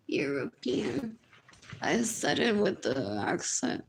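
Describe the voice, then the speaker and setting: A woman's voice: on the high side, lively intonation, slow pace, gravelly, a little mellow, slight background noise. A woman in her forties rambling on a livestream, repeating herself, drifting into near-whispers and switching between English and Spanish. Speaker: livestream host. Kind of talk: rambling live-stream monologue.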